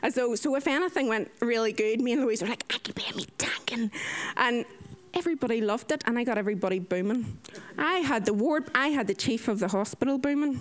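Irish woman in her thirties, high bright voice, lively anecdotes full of laughs, nurse swapping stories. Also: fast talker. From Ireland. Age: 30s. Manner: lively, laughs often, acts out others' voices. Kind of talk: anecdotal storytelling.

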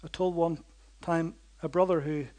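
A man with a notably high voice preaches a sermon in bold, dynamic waves, surging into loud outbursts before dropping to slow, almost hushed lines. He repeats phrases with steady, rhythmic emphasis.

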